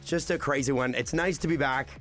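A man hosting a morning radio show, talking in casual, self-deprecating banter with a hoarse, raspy voice that is still recovering. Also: medium pitch, quick pace, a bit bright, faint music behind. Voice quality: raspy voice from losing it. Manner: chatty, self-deprecating, laughs easily.

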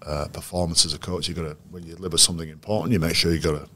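A male coach telling stories in an interview, in a measured, anecdotal way with frequent restarts. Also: deep voice, flat delivery, a bit bright. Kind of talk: interview storytelling.

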